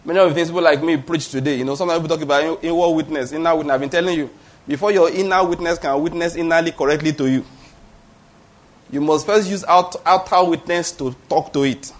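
Emphatic Nigerian pastor, higher-pitched man. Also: fairly even intonation, fast. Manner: emphatic, conversational preaching with frequent check-ins to the congregation. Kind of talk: sermon.

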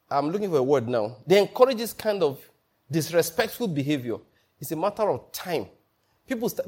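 A man's voice: on the high side, darkish tone, husky. A man preaching a sermon, acting out quoted people and breaking into laughter between points. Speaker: pastor.

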